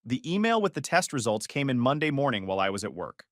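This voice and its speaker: Brief: male narrator, tense confessional story read, animated intonation. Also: mid-range voice, fast, no room sound, clean studio sound. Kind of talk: first-person story narration.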